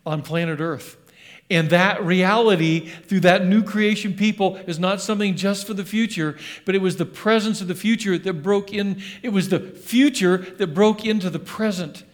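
A middle-aged man, a pastor, preaching a sermon in an animated way, acting out scripture voices. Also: sits high. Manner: animated, acts out scripture voices, sings along.

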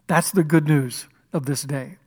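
Male pastor, sermon delivery, high voice, impassioned with big dynamic swings. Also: steady tone, a little slow, slightly rough. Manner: impassioned preaching, swings between loud and hushed.

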